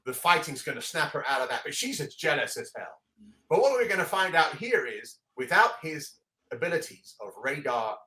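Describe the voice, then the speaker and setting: Excitable, laughing man in an echoey room. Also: mid-range voice. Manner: excitable, laughing often, reads dialogue aloud. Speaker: comic book show host. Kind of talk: casual podcast chat walking through comic pages.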